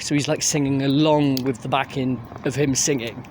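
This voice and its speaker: A young man giving a sweary, animated gig review while out on a street, laughing as he tells it. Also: medium pitch, brisk, hardly any pauses. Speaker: music reviewer. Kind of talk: casual ranting gig review. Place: outdoors on a street. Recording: street traffic noise behind. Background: traffic and street ambience.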